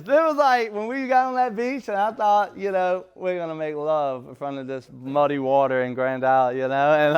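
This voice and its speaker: Rambling and casual, this recovery speaker shares his own story in a smooth, fairly high-pitched voice. Street slang runs all through it.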